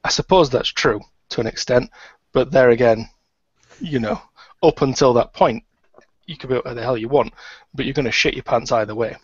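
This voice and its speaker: A man's voice: mid-range voice, brisk, slightly rough, no echo. A British man with a received pronunciation accent, co-hosting a casual online radio chat. He jokes drily and teases the others. The audio is dry and a bit muffled, like a lo-fi call. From Britain. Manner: dry, joking, mock-teasing. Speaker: co-host.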